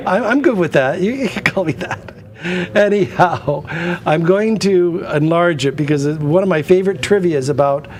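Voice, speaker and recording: A man hosting a live TV art auction, rambling and chatty, drifting into anecdotes. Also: high voice. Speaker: auction show host. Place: studio.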